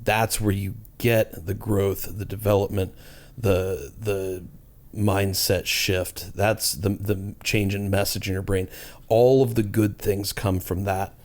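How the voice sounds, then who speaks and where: Talking slowly with a darkish tone, this male podcast co-host explains his ideas in an earnest, casual way. His voice sits low and barely moves in pitch.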